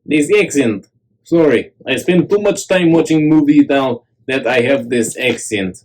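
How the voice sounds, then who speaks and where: A woman's voice: rumbling low, lively intonation, unhurried, darkish tone, heavily acted, rough recording. A woman voicing a small, playful male puppet who jokes around and speaks broken English. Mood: cheeky. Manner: broken English, jokey, food-obsessed.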